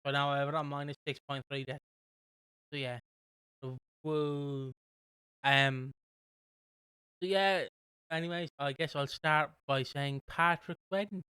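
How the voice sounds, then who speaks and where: A young British man co-hosting a podcast, casually recapping a soap with a rambling, animated manner. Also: fairly high pitch, unhurried, long pauses, clear, resonant tone, no room sound. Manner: rambling, animated retelling with quoted voices. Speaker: podcast co-host.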